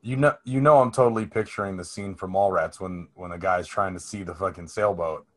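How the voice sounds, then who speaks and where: A man's voice: sits low, fairly quick. A man bantering bluntly and profanely in casual chat.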